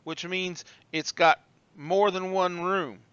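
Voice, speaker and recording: Man playing a rambling older bellhop, stammering, eager, raised pitch, bright tone, lo-fi sound. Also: fairly even intonation, takes it slowly, clear, resonant tone, dry recording. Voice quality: stammering, fumbling restarts.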